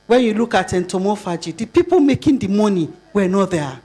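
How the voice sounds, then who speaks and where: Lively older Nigerian woman lecturing. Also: mid-range voice, fairly quick, husky. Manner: lively, talks straight to the audience with rhetorical questions. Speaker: conference speaker. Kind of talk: plenary conference talk.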